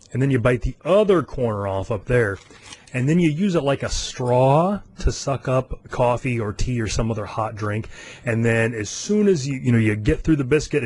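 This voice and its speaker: A man in his forties from the United States hosts his podcast alone, chatting casually and amusing himself. His voice sits in an ordinary middle range, and he loosens up with frequent fillers and quick chuckles. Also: mid-range voice, a little mellow. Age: 40s. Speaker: podcast host. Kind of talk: casual solo podcast chat.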